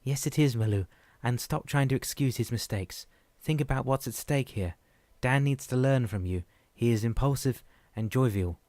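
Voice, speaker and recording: A man's voice: mid-range voice, moderate pace, hardly any pauses, a little mellow, no echo, voice pushed up, lightly acted. A man reading an audiobook, voicing a stern little wooden-faced male boatman who lectures and gives orders in a raised voice. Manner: lecturing, commanding.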